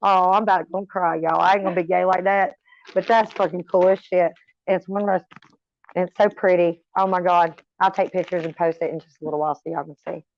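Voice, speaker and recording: A woman's voice: fairly low pitch, steady tone, a little fast, creaky. A middle-aged woman chatting casually to her viewers, rambling off on tangents and swearing freely. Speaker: vlogger talking to viewers. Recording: slightly dull, dry recording.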